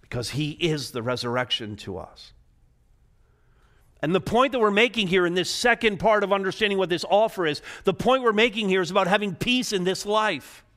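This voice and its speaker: Male pastor mid-sermon, fairly high voice, dynamic delivery from hushed to urgent. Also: lively intonation, normal speed. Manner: swings between quiet, low emphasis and rising, urgent intensity. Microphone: preaching to a live congregation, also streamed online.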